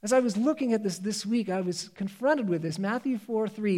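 Man, high-pitched, preaching a sermon, earnest, emphatic. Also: moderate pace. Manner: earnest, emphatic, shifting between raised and hushed delivery.

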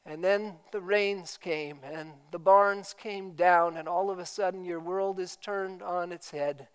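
A man's voice: high-pitched, steady tone, measured pace, hardly any pauses, smooth, low-quality recording. A man preaching a sermon as pastor, emphatic and full of rhetorical questions.

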